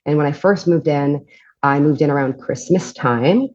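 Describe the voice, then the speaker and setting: A woman's voice: deep voice, normal speed, darkish tone, highs cut off. A woman from Montreal in her thirties, a podcast guest chatting casually with dry, self-mocking humor. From Montreal, Canada. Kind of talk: casual chat.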